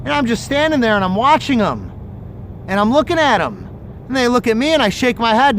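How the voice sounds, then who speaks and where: A man's voice: extremely high pitch, expressive, fairly quick, fairly bright tone, a little hiss or hum. A man hosting a fishing livestream from outdoors by the water, chatting casually and telling stories in a rambling, profane way. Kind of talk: casual chat. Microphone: phone or camera on a livestream.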